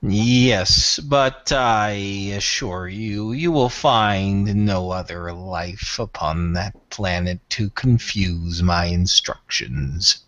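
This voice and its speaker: A man voicing a cold, aloof ancient immortal male being who speaks slowly with disdainful pauses. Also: low voice, fairly bright tone, no echo, voice pushed down. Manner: slow, measured, disdainful with drawn-out pauses.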